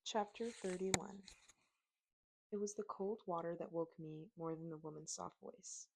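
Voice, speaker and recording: A woman narrating a first-person audiobook in steady, emotive storytelling on a close mic. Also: lowish voice, unhurried, vocal fry.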